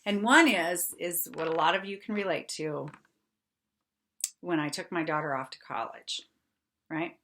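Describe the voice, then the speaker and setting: With a deep voice and an unhurried pace full of long pauses, the middle-aged woman hosts her podcast. She tells a personal story in a lively, chatty manner, laughing often and checking in with listeners.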